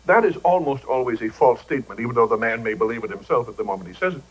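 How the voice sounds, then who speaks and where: Older male raconteur, husky voice, dry jokes, old broadcast sound. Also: medium pitch, expressive, racing, muffled recording. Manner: wry, joking raconteur acting out quoted voices. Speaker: talk show guest. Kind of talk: anecdotal talk show storytelling.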